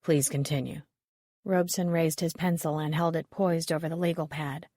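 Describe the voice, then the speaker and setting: Low-voiced woman narrating an audiobook. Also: level tone, fairly quick, warm tone, dry recording, clean studio sound. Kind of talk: scripted narration.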